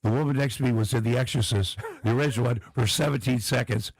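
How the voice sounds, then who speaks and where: A middle-aged comedian and actor, appearing as a talk show guest, tells self-deprecating anecdotes in an animated, casual way. His mid-range voice is creaky and moves at a quick pace.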